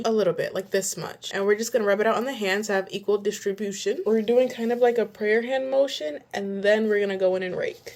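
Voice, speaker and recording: A woman's voice: mid-range voice, a little mellow. A young woman talking casually through a hair tutorial at home, chatty and narrating each step. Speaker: vlogger.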